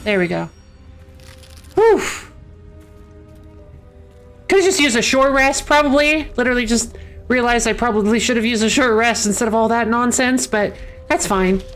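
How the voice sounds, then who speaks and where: A woman's voice: fairly high pitch, lively intonation, moderate pace, long pauses, soft background music. A woman streaming a video game, chatting casually and muttering annoyed asides to herself. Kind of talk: casual gameplay commentary.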